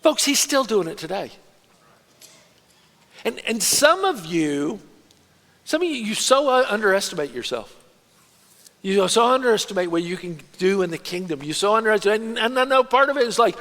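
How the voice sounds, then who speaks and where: A man preaching a sermon in a church in a lively, conversational way, now and then putting on voices. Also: sits high. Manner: animated, conversational preaching with quick put-on voices. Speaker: pastor. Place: church auditorium. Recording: long reverb of a large church hall.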